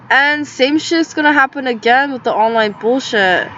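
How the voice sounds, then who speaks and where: A woman's voice: sits high, normal speed, hardly any pauses, bright, forceful tone. A young woman rambling through a casual monologue, agitated and full of "like" fillers, recorded inside a tent. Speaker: vlogger. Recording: slightly dull lo-fi audio with faint background noise.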